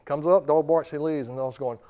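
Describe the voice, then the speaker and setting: Brief: male dog trainer lecturing clients, casual and repetitive, fairly high voice. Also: steady tone, a little fast, muffled recording. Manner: conversational, repeats words, often checks in with "okay?".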